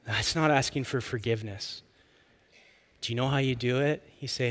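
A man delivers a sermon with a bright, forceful voice. He preaches earnestly and expressively, drawing out important lines for emphasis. His voice sits at an ordinary pitch for a man. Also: normal speed, pauses often. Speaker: pastor.

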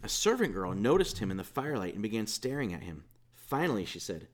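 Animated, conversational male pastor preaching. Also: lowish voice, fast. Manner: conversational storytelling, retelling scripture with asides. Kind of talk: sermon.

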